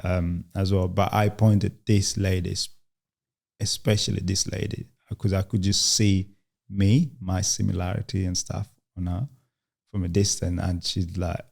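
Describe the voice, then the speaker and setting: A young man from Uganda, a guest in an interview, telling his story in a halting way with many restarts and quoted lines. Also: low-pitched, level tone, vocal fry, a little mellow. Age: young adult.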